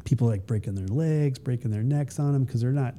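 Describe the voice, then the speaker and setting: A middle-aged American man, an Army veteran appearing as a guest, tells stories in a casual, rambling way, interrupting himself and doing playful voices for other people. His mid-pitched voice is mellow and brisk, with a little hiss or hum in the recording.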